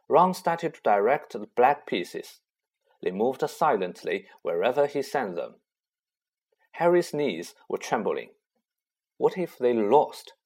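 A man narrating a children's story in an expressive, unhurried way. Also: mid-range voice, breathy edge. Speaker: audiobook narrator.

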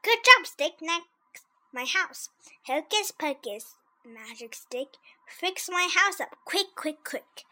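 A woman's voice: high voice, animated, slow pace, bright, forceful tone, slight background noise, exaggerated voice. A woman doing a sly, lazy spider trickster. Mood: chanting. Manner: chanting spells.

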